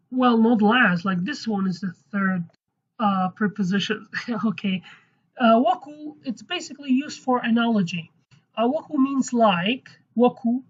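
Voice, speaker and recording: A woman's voice: on the high side, slightly rough. A woman teaching a language lesson in a casual, chatty way, often correcting herself and adding playful asides. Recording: dull lo-fi recording.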